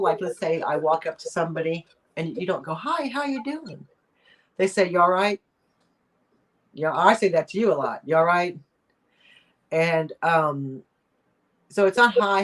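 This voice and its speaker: A woman hosting a casual live-stream chat, talking in a rambling way with lots of fillers and little laughs. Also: lowish voice. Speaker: host of a live chat show.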